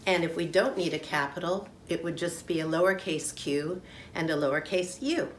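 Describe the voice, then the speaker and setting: A woman teaching a phonics lesson to young children, sounding out words slowly and chanting them in a sing-song way. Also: on the low side. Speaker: kindergarten teacher. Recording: echoey room, faint background noise.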